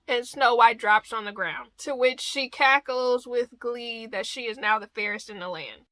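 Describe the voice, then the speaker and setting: Chatty, bright-voiced woman vlogger. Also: fairly high pitch, moderate pace, no echo. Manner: chatty, joking, wry asides. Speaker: vlogger recapping a film. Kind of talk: casual reaction recap.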